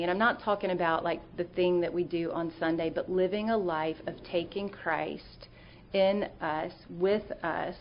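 A woman's voice: fairly low pitch, fairly even intonation, a little slow, lo-fi sound, a little hiss or hum. A middle-aged woman giving an earnest, conversational sermon talk, telling stories with fillers and restarts.

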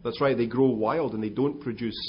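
A man's voice: medium pitch, fairly even intonation, brisk, dull audio, a little hiss or hum. A man giving a conversational sermon as pastor, with asides and restarts. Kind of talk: sermon talk.

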